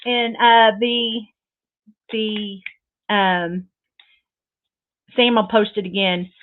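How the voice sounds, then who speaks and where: A woman's voice: mid-range voice, steady tone, drawn-out words, long pauses. A woman hosting a casual crafting livestream, gushing and sentimental, rambling with lots of fillers. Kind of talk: casual live chat with viewers. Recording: tinny phone-like sound.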